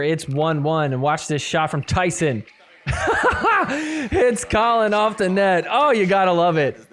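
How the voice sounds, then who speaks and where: A man hosting a podcast, casually talking through match replays play by play and getting excited at big points. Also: a little high. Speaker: podcast host recapping matches. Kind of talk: play-by-play video recap commentary.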